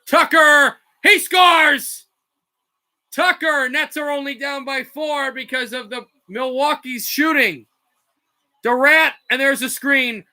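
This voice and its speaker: A man doing amateur live play-by-play commentary, calling the action quickly with slips and self-corrections and rising to shouts on big plays. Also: very high voice. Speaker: play-by-play streamer.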